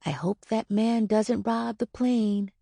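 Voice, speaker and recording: A woman narrator quietly quoting her innocent five-year-old son, in her own plain voice. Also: a little high, fairly even intonation, takes it slowly, vocal fry, no echo, exaggerated voice. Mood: solemn.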